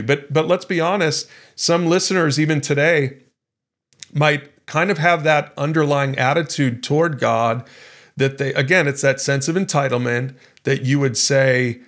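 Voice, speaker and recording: A man's voice: mid-range voice, normal speed, a bit bright. Earnest man discussing scripture. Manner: conversational, earnest, with frequent restarts. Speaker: podcast co-host. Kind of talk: casual Bible study discussion.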